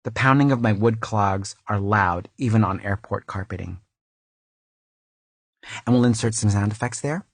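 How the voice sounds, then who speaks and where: Fussy, vain woman author, played by a man, reading her own purple prose; deadpan and low, constantly restarting lines. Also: moderate pace, pauses often, husky, dry recording. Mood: dreamy. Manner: fussy, florid, keeps restarting and correcting lines. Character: vain, self-absorbed woman author, middle-aged. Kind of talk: deadpan comic audiobook reading. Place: recording booth.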